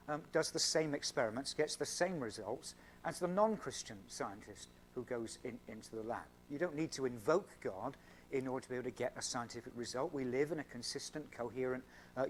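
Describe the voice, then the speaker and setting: Speaking briskly at a medium pitch, a man who is a scientist delivers an earnest evening lecture to a student Christian group at a university event. Everyday examples carry his explanations, key words get emphasis, and slight background noise is present.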